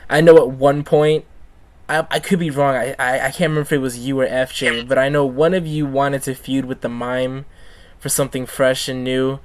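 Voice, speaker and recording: A man hosts a casual sit-down interview, his voice smooth and clean at an ordinary pitch. He wanders through each question with plenty of "you know" and "like" before getting to the point. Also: flat delivery, moderate pace. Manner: rambling, filler-heavy questions.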